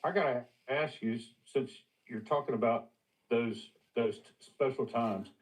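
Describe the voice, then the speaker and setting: A man hosts a relaxed show, eagerly nudging his guest to tell stories. His voice sits in the middle of a man's range. He sounds set back from the microphone. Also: medium pitch, a little slow. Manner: eager, prompting questions. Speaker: show host. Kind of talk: casual podcast chat. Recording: distant mic.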